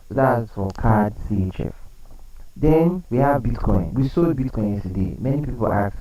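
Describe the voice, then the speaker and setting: A man's voice: medium pitch, animated, normal speed, mellow, far from the mic, slight background noise, poor audio. Man coaching traders with quiz-style repetition. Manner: explanatory, repeats key points, asks rhetorical questions. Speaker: trading coach. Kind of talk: live trading analysis.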